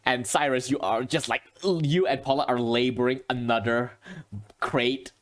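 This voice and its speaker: A man narrating as game master, rambling with lots of fillers and soft chuckles. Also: medium pitch, fairly even intonation, moderate pace.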